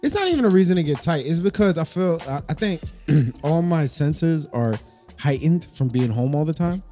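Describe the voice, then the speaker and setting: A man's voice: fairly high pitch, animated, normal speed, dark tone, faint music behind. A man co-hosting a podcast, joking around in profane casual banter and often restarting his sentences. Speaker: podcast co-host.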